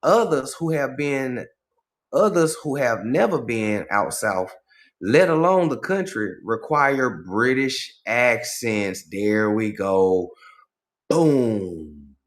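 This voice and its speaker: A man holds forth on a casual livestream in a middle-pitched voice. He talks in an animated, profane way and keeps checking in with his listeners by asking "right?" as he goes. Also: slow pace. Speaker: livestream host.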